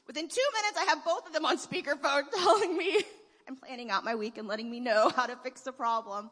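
A woman's voice: sits high, moderate pace, a bit bright. A woman giving an emotional church testimonial, laughing between phrases. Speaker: church member giving a tribute. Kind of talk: heartfelt testimonial speech. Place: church sanctuary. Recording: long reverb of a church hall.

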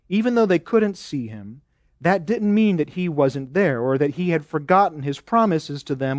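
A man's voice: a little high, no room sound, clean studio sound. A man preaching a sermon as pastor, earnest and building to emphatic repeated exhortations.

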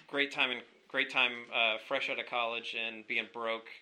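Young adult male guest, very bright tone, halting and filler-heavy, swears bluntly. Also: mid-range voice, fairly even intonation, a little hiss or hum. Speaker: podcast guest. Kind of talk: casual chat.

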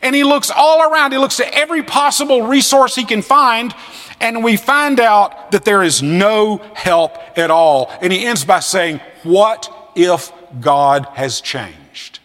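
Guy teaching a seminary class, high voice, gets animated, big echoey hall. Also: normal speed. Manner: animated, acts out quoted voices. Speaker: seminary lecturer. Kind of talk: classroom lecture on scripture.

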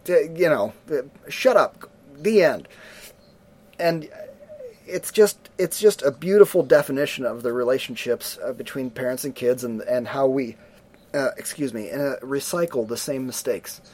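A man's voice: mid-range voice, moderate pace. A middle-aged man chatting casually as a podcast co-host, telling a film's scenes with lots of acted-out voices. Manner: animated storyteller, acts out scenes in voices. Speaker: podcast co-host reviewing a film. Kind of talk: casual chat.

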